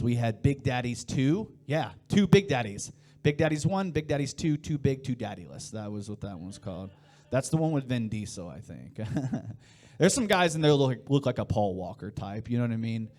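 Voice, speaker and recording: Man, late thirties, from Indiana, stand-up comedian, rambling crowd-work delivery, middle-pitched voice. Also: darkish tone. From Indiana, USA. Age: 30s. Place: live comedy show before an audience.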